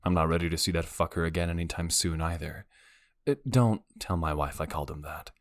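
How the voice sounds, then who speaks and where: A male narrator plays a frazzled older brother in a romance audiobook, blunt and weary, sighing between his words. The voice sits very low, and the sound is close and dry. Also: steady tone, fairly quick, dry recording. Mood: earnest. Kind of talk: audiobook character voice.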